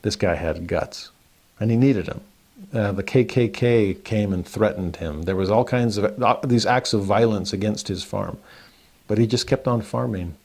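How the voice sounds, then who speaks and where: A man's voice: lowish voice, moderate pace, creaky, a little mellow. A man giving a Bible lesson who eagerly addresses listeners with questions before reading a passage aloud. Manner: enthusiastic, asks the audience questions. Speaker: religious lecturer.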